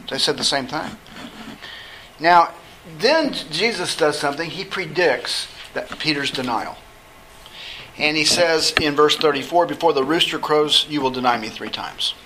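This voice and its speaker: A man's voice: on the high side, pushed and bright, a little hiss or hum, poor audio. A man teaching a Bible study lesson, talking conversationally and putting questions to the class. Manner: conversational, asks the class questions, halting restarts.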